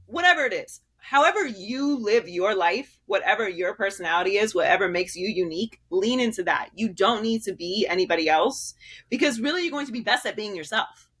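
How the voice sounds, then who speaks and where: A woman's voice: mid-range voice, animated, a little fast, a bit bright, breathy edge. A woman guest in an interview, speaking candidly and emphatically, laughing often and restarting her sentences. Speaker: sports media guest.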